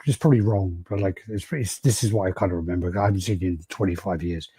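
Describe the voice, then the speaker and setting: A man's voice: low voice, fast, dark tone, slightly rough, no echo. A man hosting a casual podcast, rambling through stories, acting out quotes and swearing freely. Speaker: podcast host. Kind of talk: casual chat.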